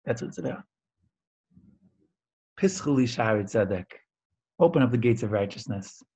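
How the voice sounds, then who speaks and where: A man teaching an informal spoken Torah lesson in a conversational, emphatic way, with his voice jumping high on key points. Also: expressive, normal speed, darkish tone, husky. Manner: conversational with frequent fillers and restarts. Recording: dull lo-fi recording.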